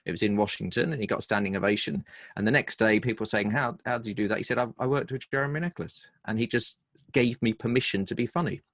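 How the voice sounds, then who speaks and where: English humor coach, lowish voice, wry chatty storyteller, dry close sound. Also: male voice, quick pace, fairly bright tone, no echo. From England. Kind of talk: online interview.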